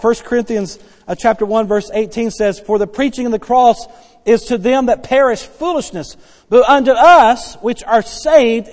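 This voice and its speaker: A man preaching a sermon as pastor, emphatic and repetitive, dropping soft then rising loud to stress his points. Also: sits high. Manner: emphatic preaching, repeats key phrases, swings between soft and loud. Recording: long hall reverb.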